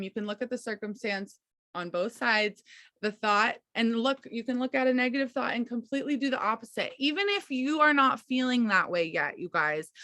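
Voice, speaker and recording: A woman's voice: a little high, pushed and bright, dry recording. A young adult woman leading a team coaching session over a video call, talking in an encouraging, chatty way with lots of fillers and check-ins with her listeners. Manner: encouraging, chatty, many fillers and "okay, you guys".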